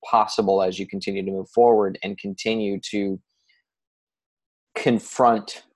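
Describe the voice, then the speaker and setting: A man's voice: lowish voice, flat delivery, measured pace. A man coaching a client on a casual call, blunt and swearing freely, with many restarts.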